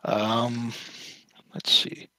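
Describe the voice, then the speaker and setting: A man's voice: medium pitch, completely flat delivery, drawn-out words, sharp tone, dry recording, rough recording. A man narrating a tabletop game as game master, hesitant and often correcting himself on the rules, over online voice chat.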